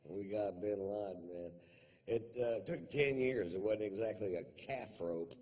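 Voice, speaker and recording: A male stand-up comedian telling stories in a dry, deadpan way with crude punchlines. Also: lowish voice, a little slow.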